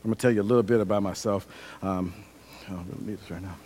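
Young guy preaching, telling his own story, earnest, gets loud then goes quiet. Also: low voice, fairly even intonation, racing. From Milwaukee, Wisconsin. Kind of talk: sermon with personal testimony.

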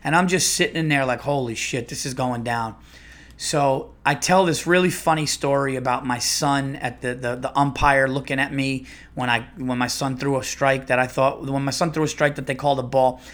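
A man's voice: medium pitch, fairly even intonation, fairly quick, few pauses, a bit bright. A man, a comedian and podcast host, telling a rambling, profane story with many restarts. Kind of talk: casual storytelling monologue.

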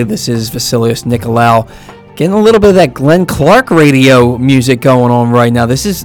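A man hosting a sports podcast from a studio, casual and loose with frequent restarts. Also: medium pitch. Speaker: podcast host.

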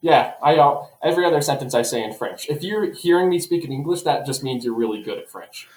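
A man co-hosting a casual chat who explains things in a relaxed, joking way. His voice sits a little high, and the recording is roomy with a noticeable echo. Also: fast talker. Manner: relaxed, jokey, explains details. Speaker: podcast co-host. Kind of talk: casual chat about theme park rides.

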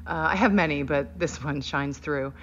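A middle-aged woman, telling a holiday story in a casual, animated way. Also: normal speed. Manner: animated, laughing, rising in pitch on quoted lines. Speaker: guest sharing a holiday memory. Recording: dull lo-fi sound.

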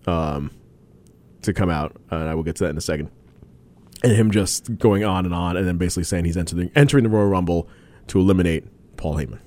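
A man's voice: deep voice, warm tone. A man co-hosting a casual wrestling chat, who laughs often and restarts his sentences. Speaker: podcast co-host.

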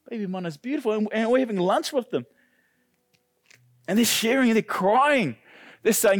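A male pastor preaching a sermon with passion, often climbing to loud, high peaks. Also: expressive, brisk, no room sound. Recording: dry close sound with faint music.

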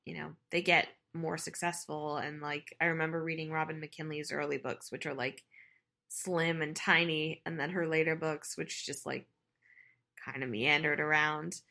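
A woman chatting casually about books, sympathetic and halting, with frequent restarts. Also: sits low, flat delivery, vocal fry, bright, forceful tone. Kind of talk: casual book discussion.

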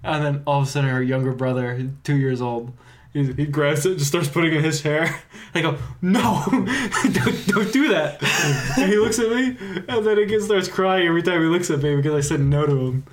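A man's voice: a little high, fast talker. A man co-hosting a podcast, telling stories in casual chat and often breaking into laughter. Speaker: podcast co-host.

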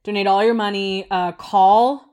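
A woman's voice: mid-range voice, steady tone, measured pace, a little mellow, clean tone, dull audio. A woman co-hosting a podcast in loose, casual chat. She rambles through her thoughts, full of fillers, with a fed-up, frustrated tone. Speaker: podcast co-host.

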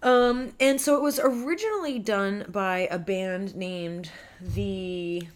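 A woman co-hosts a music podcast in loose, chatty conversation. She laughs often and fills pauses with ums and uhs, in a voice of middling pitch. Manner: giggly, chatty, with many fillers. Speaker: podcast co-host. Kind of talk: casual chat.

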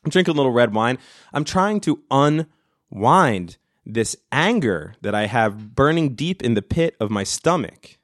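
Ranting podcast host, profane and blunt. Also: male voice, medium pitch, lively intonation, a little slow, no room sound, studio quality. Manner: profane, ranting, bursts into loud screams. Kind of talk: solo podcast rant. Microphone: studio mic.

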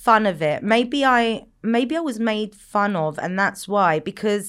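A woman with a smooth, clear voice, chatting candidly and casually. She slips between English and Greek and laughs easily. Her pitch sits in an ordinary middle range. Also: moderate pace, a bit bright. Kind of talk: casual chat.

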